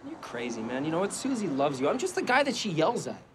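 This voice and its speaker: A man's voice: a little high, huge pitch swings, quick pace, noisy background. A man playing an exasperated boyfriend in an indie comedy short, pleading and sorry for himself. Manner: exasperated, pleading, self-pitying.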